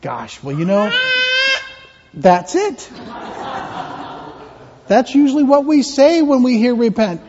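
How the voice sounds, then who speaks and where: A man's voice: very high voice, very animated, takes it slowly, long pauses, heavy background noise. A man, a pastor, giving a playful, interactive children's sermon in a church. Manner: playful, interactive, gently teaching. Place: church sanctuary. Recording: echoey church hall, dull lo-fi.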